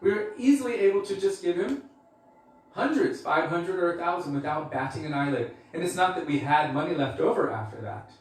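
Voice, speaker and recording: A man's voice: high-pitched, fairly quick. A male preacher telling a personal story in a casual, conversational way, full of fillers. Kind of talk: storytelling talk. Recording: echoey hall, mic far off.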